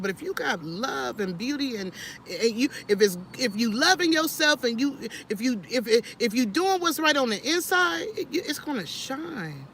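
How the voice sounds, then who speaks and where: A woman talks in a casual, preachy vlog, animated and sermon-like, often restarting her sentences. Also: sits high, slight background noise. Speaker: vlogger.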